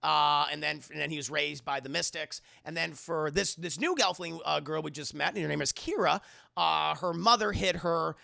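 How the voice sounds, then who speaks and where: A man talks over a live stream, recapping a film in an excited, rambling way with plenty of swearing. His voice sits high and bright. A heavy gravelly fry runs through it. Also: moderate pace. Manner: excitable, profane, keeps addressing chat.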